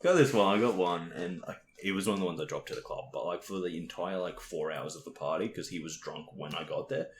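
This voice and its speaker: A man's voice: low voice, fast, hardly any pauses. A young man co-hosting a podcast, telling stories in casual chat, laughing often, swearing and acting out the other people in his stories. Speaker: podcast co-host. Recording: roomy echo with faint noise.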